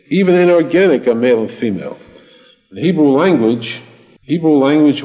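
A man delivers a Torah lesson at an unhurried pace, restating each point and mixing Hebrew words into his explanations. The recording is dull and lo-fi, with a long reverb trailing his voice and faint music underneath. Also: mid-range voice. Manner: deliberate, repeats phrases for emphasis, with Hebrew and Yiddish terms. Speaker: rabbi teaching Torah. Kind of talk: Torah lecture.

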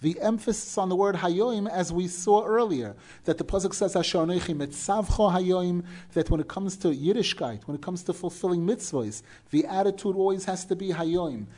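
A man's voice: sits high, dark tone. A man teaching a Torah class, explaining step by step, stressing key words and posing rhetorical questions.

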